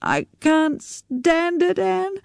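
A woman's voice: on the low side, unhurried, darkish tone, no echo, clean studio sound. A woman reading a story on the radio, voicing a despairing widow who is tearful and wry. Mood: sobbing despair. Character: despairing widow Jackie, weepy and bitter.

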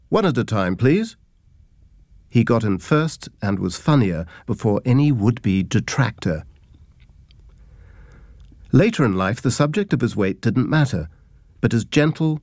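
A man's voice: mid-range voice, darkish tone, no room sound. Wry man reading humorous memoir tales. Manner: wry, dry, self-mocking storytelling. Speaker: narrator. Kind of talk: scripted narration of humorous memoir anecdotes.

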